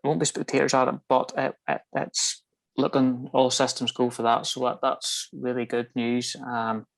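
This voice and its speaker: A man co-hosts a motorsport podcast in relaxed, casual chat. He rattles through the news briskly, rambling a little and leaning on fillers as he goes. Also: mid-range voice, vocal fry.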